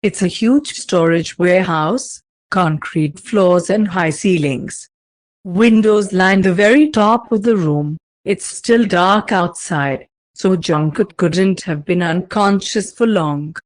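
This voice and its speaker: Slow, low-voiced woman narrator. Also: no echo. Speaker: story narrator. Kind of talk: reading fan fiction aloud.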